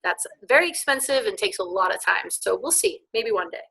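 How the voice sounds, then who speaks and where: A chatty woman from England's Liverpool area is a guest on a casual podcast interview. Her voice is bright and forward, and she talks in an upbeat way with frequent laughter. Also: mid-range voice, lively intonation, brisk, vocal fry, slightly rough, rough recording. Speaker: podcast guest, beer blogger.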